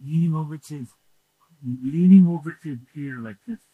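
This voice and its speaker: A male preacher telling a story in a sermon, animated and acting out the scenes with shouts. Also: on the high side, normal speed, slightly rough, no echo, phone-quality sound.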